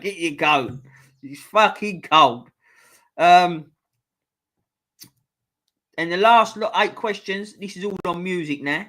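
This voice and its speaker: A young man with a London accent reads out quiz questions on a casual live stream. His voice sits a little high for a man. He swears freely and drifts into offhand banter between the questions. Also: bright, forceful tone. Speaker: quiz host.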